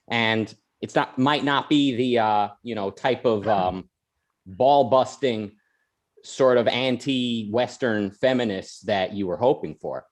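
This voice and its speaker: A man's voice: mid-range voice, moderate pace. A man hosting a podcast, talking in a chatty, rambling way full of restarts and side tangents. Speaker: podcast host. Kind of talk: casual podcast chat.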